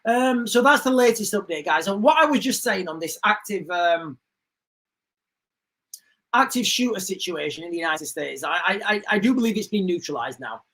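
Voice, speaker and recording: Over a low-quality recording, a livestream host offers casual commentary in a mid-range, somewhat bright, expressive voice at normal speed. She sounds indignant, rambles, and keeps repeating herself.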